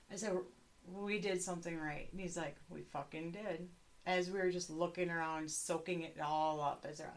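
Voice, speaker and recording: Bright-voiced candid woman in her forties. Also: fairly low pitch. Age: 40s. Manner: candid, profane, laughing, rambling. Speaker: podcast co-host, mother. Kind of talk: casual chat.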